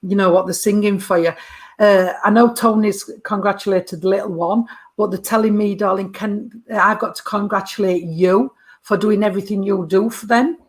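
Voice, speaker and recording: Talking to a sitter during a mediumship reading, a woman keeps things chatty and affectionate, using "darling" and "sweetheart" and often asking, "Do you understand?" Her mid-range voice moves at a moderate pace with fairly even intonation.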